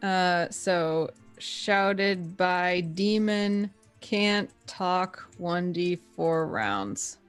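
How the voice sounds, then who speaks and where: A woman's voice: on the low side, expressive, drawn-out words, few pauses, clear, resonant tone, faint music behind. A woman playing a tabletop game, thinking aloud and reading rules out in a casual way. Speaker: player.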